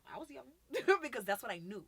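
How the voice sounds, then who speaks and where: A woman with a New York accent in her thirties, talking casually as a podcast guest, animated and acting out quoted voices. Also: on the high side, quick pace, a crowd in the background. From United States. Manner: animated, acts out quoted voices, laughs often. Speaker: podcast guest, youth mentor. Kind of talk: casual conversation.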